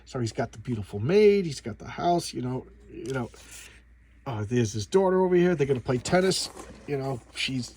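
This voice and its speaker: A man casually reviewing a comic book, rambling with many halting restarts and fillers, chuckling as he retells scenes. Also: mid-range voice, animated, darkish tone, breathy edge.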